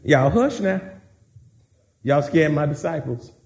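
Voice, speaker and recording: A man preaching voices a calm, folksy Jesus quietly hushing a storm. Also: measured pace, creaky. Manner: low, hushed, folksy.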